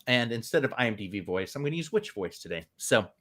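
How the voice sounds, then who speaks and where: Man, mid-pitch, bright tone, casual rambling film chat over a video call. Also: sing-song, fast. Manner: rambling, many fillers. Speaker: podcast co-host.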